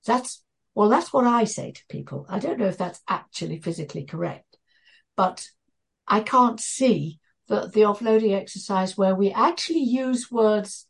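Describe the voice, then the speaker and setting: A woman's voice: medium pitch, animated, moderate pace, breathy edge. A woman trainer leading a therapy training session, talking with hesitations and restarts as she explains. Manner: hesitant, restarts, thinking aloud.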